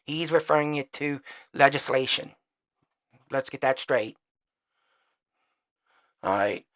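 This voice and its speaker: A man's voice: medium pitch, slow. Profane, rambling man ranting on a podcast. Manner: trails off quieter when signing off. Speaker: podcast host. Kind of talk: solo opinion rant.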